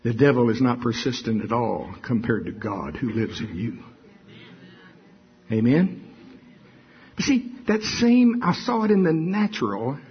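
An older male preacher tells a story in a husky, breathy voice. His pitch rises and falls in big animated swings, and he often circles back on his own words. The recording is dull and lo-fi. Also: unhurried, pauses often. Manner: animated, repeats himself, folksy. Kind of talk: sermon with storytelling.

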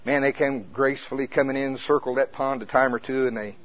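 A pastor telling a folksy story in a conversational sermon, with a casual manner. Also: male voice, medium pitch, steady tone, a little fast. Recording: muffled lo-fi recording.

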